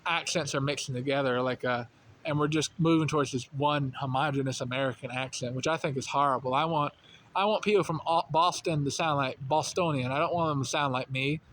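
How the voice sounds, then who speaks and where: A man's voice: on the high side, a little fast, fairly bright tone, slight background noise. A young man from rural North Carolina with a light Southern accent, talking in a casual, rambling monologue full of fillers and restarts. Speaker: channel host.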